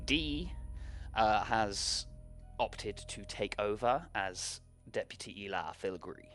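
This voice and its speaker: A man's voice: lowish voice, a little slow, fairly bright tone, soft background music. A man acting as game master, giving a casual, meandering recap of a tabletop horror session with frequent restarts.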